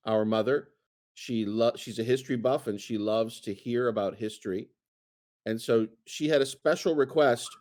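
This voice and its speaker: A man's voice: mid-range voice, darkish tone. A man co-hosting a casual chat, talking in a rambling way with many fillers and restarts. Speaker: co-host.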